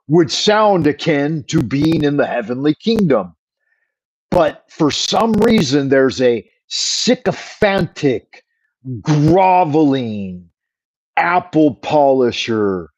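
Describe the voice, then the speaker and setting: A man's voice: a little high, breathy edge, rough recording. A middle-aged man with a Californian accent, rambling and swearing in an opinionated livestream chat. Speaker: livestream host.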